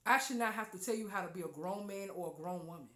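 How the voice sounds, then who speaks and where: A woman hosting a podcast, giving an emphatic, preachy spiritual talk with loud exclamations. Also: lowish voice, fast talker, roomy sound. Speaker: podcast host.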